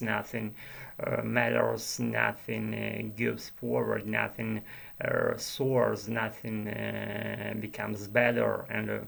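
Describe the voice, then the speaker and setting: A man's voice: fairly low pitch, gravelly, fairly bright tone. A man with a Russian accent vlogging in a rambling, hesitant monologue, murmuring with many restarts. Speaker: language learner vlogger.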